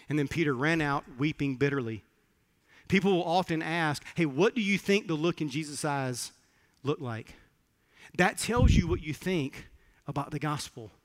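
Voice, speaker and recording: Earnest male pastor, sermon delivery, a touch high-pitched, church reverb. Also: fairly bright tone. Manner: earnest storytelling, repeats words when moved. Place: church sanctuary.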